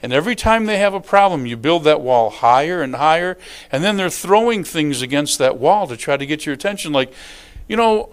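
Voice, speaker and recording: Lively, folksy male pastor preaching. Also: fairly high pitch, a little fast. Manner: folksy, conversational preaching with acted-out quotes. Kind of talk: sermon.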